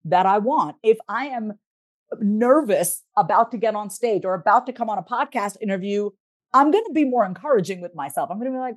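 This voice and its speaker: A woman's voice: fairly high pitch, a little fast, dry recording, studio quality. A woman guest on a podcast, a therapist and life coach, speaking in a direct, emphatic, motivational way. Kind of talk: podcast interview talk.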